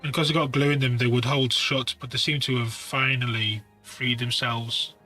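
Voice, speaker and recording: A man chats through hobby tool tips in a loose, rambling way, correcting himself as he goes. His voice is bright and a little forceful at an ordinary middle pitch. Soft music sits faintly behind him. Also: steady tone, normal speed. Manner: rambling, practical, self-correcting asides. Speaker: miniature painting hobbyist. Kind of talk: casual hobby tutorial talk.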